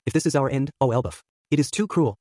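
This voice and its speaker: A man's voice: mid-range voice, quick pace, darkish tone, no echo, studio quality, natural voice. A man voicing a proud old male giant warrior in a solemn delivery.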